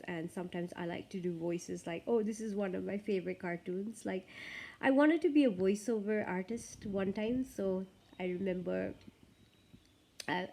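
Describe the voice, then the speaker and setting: A woman's voice: fairly low pitch, darkish tone. A woman vlogger talking casually to the camera in a chatty, rambling way.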